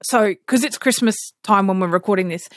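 An Australian woman co-hosting a podcast, chatting casually and telling animated stories, often laughing and acting out other people's voices. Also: medium pitch, brisk, no echo, clean studio sound. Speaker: podcast co-host. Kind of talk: casual chat.

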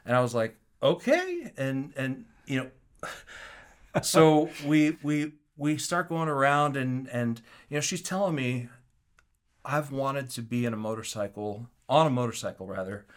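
Man, interview guest, animated storytelling, acted-out quotes, frequent restarts, medium pitch. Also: moderate pace. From Kansas City area.

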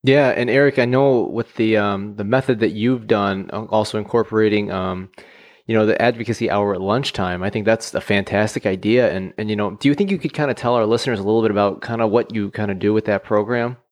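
A man's voice: on the low side, steady tone, a little fast. A man hosting a podcast interview, asking long, meandering questions. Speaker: podcast host.

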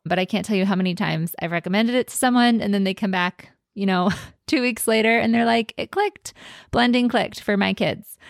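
A woman's voice: medium pitch, creaky, no room sound, studio quality. A woman hosting a podcast, explaining in a casual teaching tone and stretching out words for emphasis. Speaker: podcast host.

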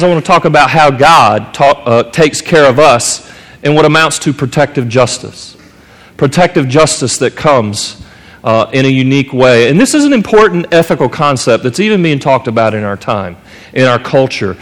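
A pastor from North Carolina preaching a sermon, telling a story earnestly and rising in pitch at the dramatic moments. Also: male voice, fairly bright tone. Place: church sanctuary. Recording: long reverb of a church hall.

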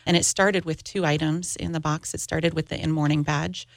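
Middle-aged woman, low gravelly voice, candid grief coach on a podcast, dry sound. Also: steady tone, normal speed, no room sound. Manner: candid, storytelling. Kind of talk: podcast interview.

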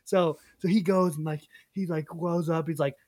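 A young man, a podcast co-host and comedian, telling a story in a casual, animated way, full of fillers and acted-out quotes. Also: on the high side, moderate pace, no echo, studio quality. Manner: animated, filler-heavy, acts out quoted voices.

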